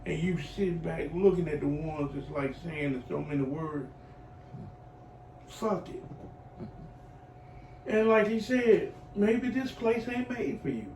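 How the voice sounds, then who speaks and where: A middle-aged man giving heartfelt personal testimony as a client in a recovery program, earthy and animated, acting out voices as he tells his story. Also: fairly high pitch, normal speed, few pauses. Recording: echoey room, voice from far off, faint noise.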